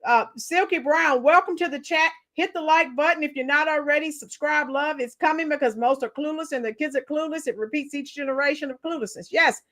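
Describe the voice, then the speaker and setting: A woman hosting a live stream, mocking her subjects and chatting with viewers in an animated way. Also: high voice, a little fast, few pauses. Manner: mocking, animated, talks to chat. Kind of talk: casual live-stream chat.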